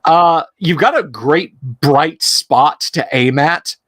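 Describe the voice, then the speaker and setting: A man runs a tabletop game on a livestream, narrating rolls and fights with a joking streak. His voice sits a little high. The sound is dry and close, with no room echo. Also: slow, a bit bright. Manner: jokey, tosses in metal references. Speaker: game master.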